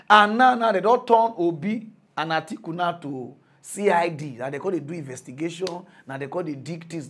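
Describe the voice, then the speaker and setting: High-voiced excitable Nigerian Pidgin ranter. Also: male voice, husky. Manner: excitable, laughing, big swings in loudness. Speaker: mock news commentator. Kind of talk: comic rant.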